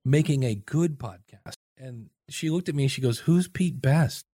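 A man's voice: medium pitch, moderate pace, warm tone, dry recording, clean studio sound. A man chatting as a podcast guest, goofy and full of radio-style storytelling. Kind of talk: casual chat.

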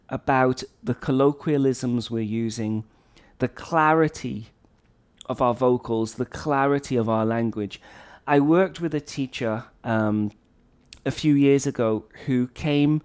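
A middle-aged male teacher from North Wales speaks in an even, mid-range voice. He talks through a blog post for other teachers in an earnest, explanatory way, and he often repeats phrases to drive a point home. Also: medium pitch. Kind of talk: educational talk reading and commenting on a blog post.

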